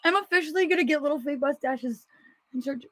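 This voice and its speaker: A young woman chatting with friends, teasing and laughing loudly. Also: high-pitched, fast, no room sound, rough recording. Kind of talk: casual chat among friends.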